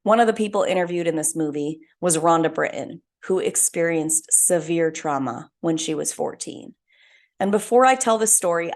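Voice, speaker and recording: A woman's voice: fairly low pitch, gravelly. A young woman hosting her own podcast, telling a story in an earnest, heartfelt solo talk. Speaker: podcast host.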